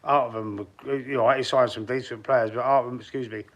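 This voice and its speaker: A man's voice: medium pitch, steady tone, a little fast, fairly bright tone, muffled recording. A man from London's East End with a Cockney accent, chatting on a football fan live stream and reading out viewers' comments. He rambles a little and restarts his sentences. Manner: speaks straight to chat viewers by name.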